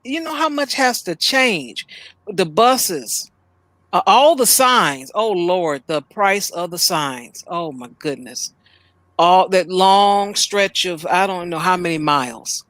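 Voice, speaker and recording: Host, woman from Chicago, slow exasperated rant, dry close sound. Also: lowish voice, lively intonation, a bit bright, no room sound. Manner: blunt, exasperated ranting. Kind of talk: news reaction commentary. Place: at home.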